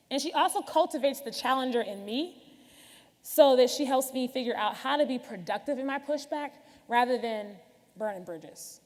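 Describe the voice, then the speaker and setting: A woman's voice: a little high, animated, moderate pace, darkish tone. A woman giving a conference keynote, talking candidly and chattily straight to the audience. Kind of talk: conversational keynote talk. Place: large conference hall. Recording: reverberant hall.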